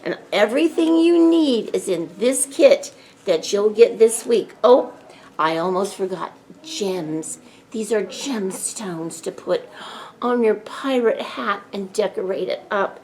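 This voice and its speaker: A woman, a children's librarian, showing a pirate hat craft to kids with animated, playful pirate greetings. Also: mid-range voice, slow pace, low-quality recording.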